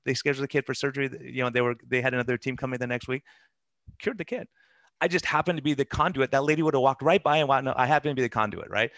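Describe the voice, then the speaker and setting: A man, a physician, telling animated stories in an interview, laughing as he acts out the people in them. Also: mid-range voice, rapid-fire, no echo. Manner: animated, laughing anecdotes with quoted voices. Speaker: physician guest. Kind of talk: conversational storytelling interview.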